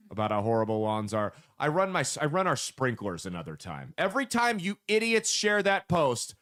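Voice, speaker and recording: A man's voice: a little high, a bit bright. A man hosting political commentary, ranting with sarcastic, profane, heated delivery.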